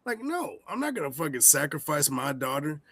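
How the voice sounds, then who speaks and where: A young man co-hosting a comedy podcast, ranting in a heated, profane and animated way. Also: fairly high pitch, a little fast, slightly rough, no echo. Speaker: podcast co-host. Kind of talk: casual comedic rant.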